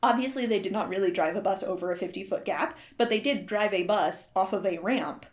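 A woman co-hosting a casual movie podcast, retelling the plot in a lively, swearing, chatty way. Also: medium pitch, brisk. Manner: animated retelling with acted-out quotes, swears casually. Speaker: podcast co-host. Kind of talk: casual movie recap chat.

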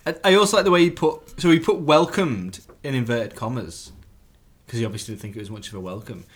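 A man's voice: medium pitch, lively intonation, fast talker. A man co-hosting a podcast in casual chat, reading reviews aloud in a dry, mock-pompous way. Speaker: podcast co-host.

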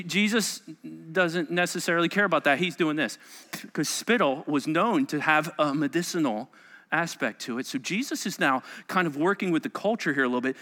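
A male pastor preaching a sermon to a congregation, telling the story dramatically and dropping into quiet asides. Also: on the high side, big-room sound. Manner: animated, dramatic storytelling with sudden soft asides. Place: church sanctuary.

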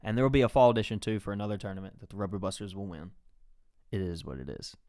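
A man's voice: on the low side, expressive, fast, warm tone, no room sound, clean studio sound. A young man hosting a podcast, telling a rambling, profane story in casual chat. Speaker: podcast host.

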